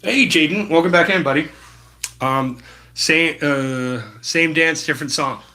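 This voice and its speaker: A man with a fairly high, bright, forceful voice talks a little slowly while painting on a live stream. He rambles casually, swears freely and addresses his viewers by name.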